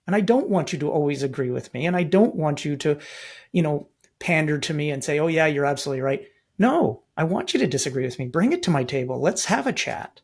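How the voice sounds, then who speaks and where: Middle-aged man from Canada, husky and slightly high voice, emphatic podcast guest. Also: a little mellow. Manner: emphatic, rhetorical questions. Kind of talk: podcast interview.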